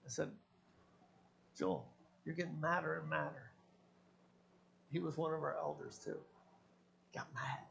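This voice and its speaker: A man's voice: on the high side, unhurried, vocal fry, long pauses, fairly bright tone. A man, a pastor, preaching a sermon and telling personal stories, acting out the dialogue in them. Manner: storytelling, acting out his own quoted dialogue.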